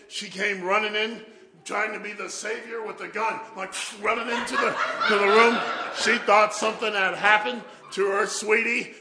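A man's voice: sits high, pushed and bright. A man preaching a sermon, telling a story animatedly and acting out the voices of the people in it, with sudden whoops. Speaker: guest preacher. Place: church. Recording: echoey church room.

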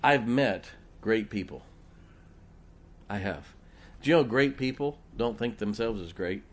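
A man's voice: on the low side, expressive, a little slow. A middle-aged man preaching a sermon, telling folksy personal stories and putting rhetorical questions to the congregation.

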